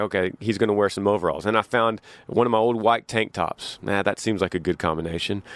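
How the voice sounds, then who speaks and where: A man hosts a podcast, spinning rambling, folksy stories full of restarts. His voice sits low, and it is recorded dry and close with no room sound. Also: a bit bright, dry recording. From Texas. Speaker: podcast host. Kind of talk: casual storytelling.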